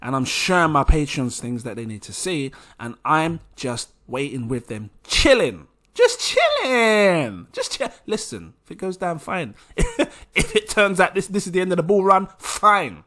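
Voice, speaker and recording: A young man hosting a casual crypto vlog, chatty and excitable, laughing often. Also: on the high side, moderate pace. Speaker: crypto channel host.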